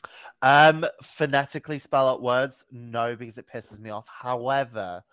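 Smooth-voiced man, casual podcast chat. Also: medium pitch, moderate pace, a bit bright, dry recording. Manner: swears freely, lots of ums and self-corrections. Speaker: podcast co-host.

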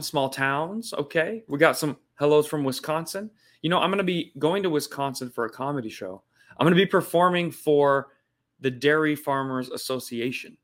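A man's voice: on the high side, fairly bright tone. A man hosting his weekly comedy show from a hotel room, talking in a jokey, self-mocking way and reading viewer comments between punchlines. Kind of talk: casual comedic livestream monologue.

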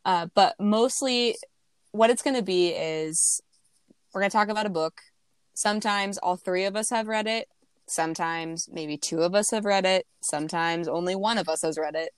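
A woman's voice: medium pitch, normal speed, smooth, no echo. A young woman co-hosting a book podcast in casual chat, talkative, with frequent restarts and laughter. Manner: chatty, laughs often, many restarts. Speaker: podcast co-host.

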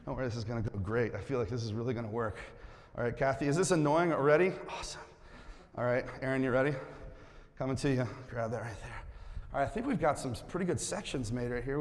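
A man preaching as a pastor, coaxing his congregation to join in, then turning earnest. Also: medium pitch. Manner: playful, coaxing the crowd, then earnest and quiet. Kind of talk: sermon with audience participation. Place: church sanctuary. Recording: long hall reverb.

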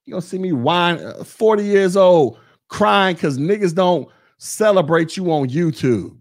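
A man's voice: sits high, lively intonation, a little slow. A man in his forties hosting a podcast, ranting bluntly with mocking, profane talk. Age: 40s. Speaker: podcast host. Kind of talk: casual rant.

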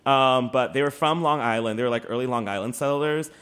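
A man co-hosting a casual podcast chat, animated and swearing, with lots of fillers and laughs. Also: medium pitch, brisk, smooth. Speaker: podcast co-host.

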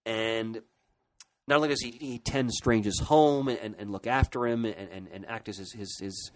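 A man with a lowish voice co-hosts a casual podcast. He retells stories with eager enthusiasm, often backing up and restarting his sentences. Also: normal speed, rough recording. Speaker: podcast co-host.

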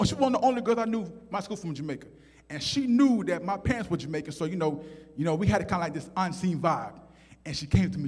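Man telling a stand-up story, high voice, husky, animated, hall echo. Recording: hall with long reverb.

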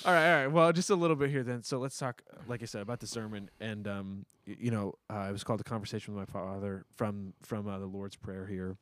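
Relaxed young man hosting a podcast. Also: lowish voice, fast, hardly any pauses, no echo. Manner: relaxed, rambling, many fillers. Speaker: podcast host. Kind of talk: casual chat.

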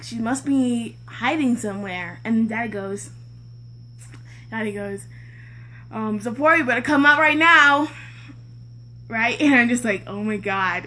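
A woman's voice: mid-range voice, slight background noise. A young woman casually telling a family story, acting out what everyone said and laughing as she goes. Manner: animated storytelling, acts out quoted voices, laughs often. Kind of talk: casual chat.

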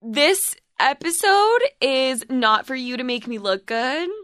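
A young woman hosting a podcast, playful and quick, teasing her guest and swearing casually. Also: high-pitched, big pitch swings, fairly bright tone, clear, resonant tone, no room sound. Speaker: podcast host. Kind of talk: casual chat and ad read.

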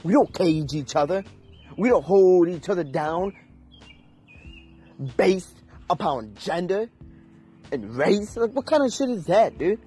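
A man's voice: high-pitched, expressive, a little slow, long pauses, dark tone, breathy edge. A young man ranting in an unscripted, heated and profane way, with emphatic delivery. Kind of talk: unscripted rant.

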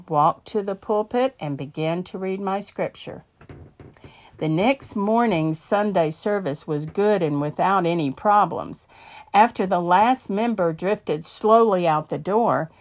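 A woman narrating a story in a measured, earnest way. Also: lowish voice, darkish tone.

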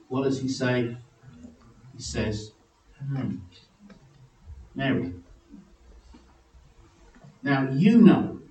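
Animated preacher in an echoey hall. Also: male voice, recorded from a distance. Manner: animated, acts out biblical figures in high excited voices. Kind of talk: sermon.

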